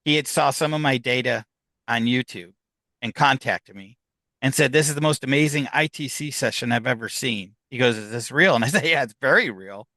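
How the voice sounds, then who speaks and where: A man tells of his ghost hunts in an easy conversational way, his tone bright and ringing. The sound is close and dry, with no room around it. He acts out the lines of the people in his stories. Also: medium pitch, brisk, no room sound, poor audio. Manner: animated anecdotes, acts out quoted dialogue. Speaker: guest, paranormal investigator. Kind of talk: casual storytelling interview.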